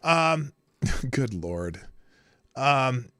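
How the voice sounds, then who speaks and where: Lively rambling male show host. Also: medium pitch, extremely slow, dry recording, clean studio sound. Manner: rambling, jokey, stumbles over words. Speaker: host of a live morning show. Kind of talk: casual live commentary.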